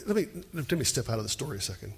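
A man's voice: mid-range voice, sing-song, rapid-fire, vocal fry, husky. A man preaching a sermon, talking to the congregation and throwing them questions. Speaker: pastor. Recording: long reverb of a hall.

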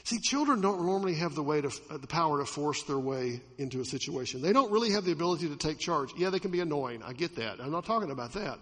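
A pastor preaching a sermon, swinging from loud emphatic peaks to quiet asides and asking his listeners questions. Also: on the high side, lively intonation, fast, hardly any pauses, in a large hall. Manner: asks the audience questions.

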